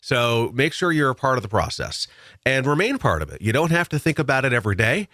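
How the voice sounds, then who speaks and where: A man's voice: mid-range voice, sing-song, a little fast, sharp tone, dry recording. Earnest man giving insurance advice on radio. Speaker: insurance agent guest. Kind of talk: casual radio chat.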